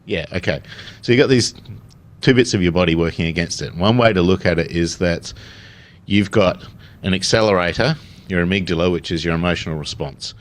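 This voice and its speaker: Aussie guy on a panel, really low voice, blunt and chatty, swears a bit. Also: brisk. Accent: Australian. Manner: frank, plain-spoken, with casual swearing. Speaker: panelist with lived experience. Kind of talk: candid panel talk.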